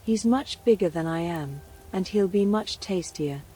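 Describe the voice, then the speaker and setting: A woman voicing a tiny, meek young male billy goat from a storybook in soft whispered role-play. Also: lowish voice, animated, unhurried, slightly rough, poor audio. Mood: pleading.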